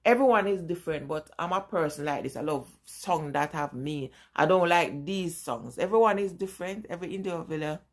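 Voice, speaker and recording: A woman's voice: low-pitched, a little fast, few pauses. A middle-aged Jamaican woman with a strong Jamaican accent, chatting casually and rambling as she answers viewers in a live vlog. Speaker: vlogger.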